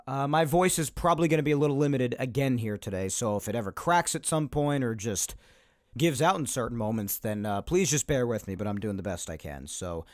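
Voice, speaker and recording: A man hosting a casual podcast, talking in a chatty, ranting way while raspy from phlegm. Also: medium pitch, dry recording, clean studio sound. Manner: chatty, ranting, loud energetic openings. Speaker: podcast host. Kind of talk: casual solo podcast talk.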